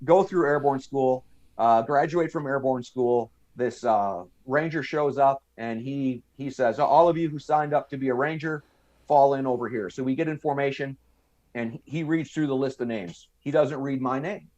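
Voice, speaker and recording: A man's voice: mid-range voice, moderate pace, muffled recording. A man in his fifties, a guest on a podcast, telling a long story from his army days and acting out other people's lines. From United States. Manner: animated storyteller, mimics other people's voices. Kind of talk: storytelling in a casual interview.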